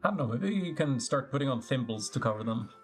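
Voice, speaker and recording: A man's voice: medium pitch, expressive, fast, faint music behind. A man streaming a video game live, making sarcastic, joking comments and swearing freely.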